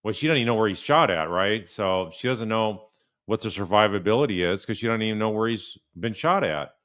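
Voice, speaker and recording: A man's voice: on the low side, lively intonation, a little fast, fairly bright tone. A man, an attorney, giving sarcastic commentary on a video with incredulous asides.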